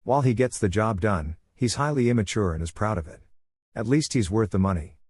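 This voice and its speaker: A man narrating a fan fiction story in a steady, even reading. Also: on the low side, brisk, breathy edge, dry recording, studio quality. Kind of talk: scripted narration.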